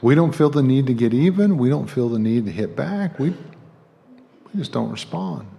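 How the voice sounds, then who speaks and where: A man's voice: mid-range voice, lively intonation, normal speed, gravelly, dark tone. A middle-aged man preaching a sermon as guest speaker, talking conversationally with joking asides to the congregation. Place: church sanctuary. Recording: long church hall reverb.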